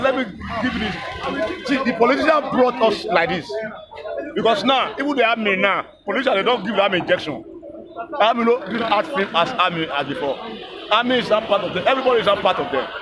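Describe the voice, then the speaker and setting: Nigerian man, interviewee, impassioned and repetitive, fairly high voice, noisy crowd behind. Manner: fervent, repeats words, preachy exhortation. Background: crowd noise.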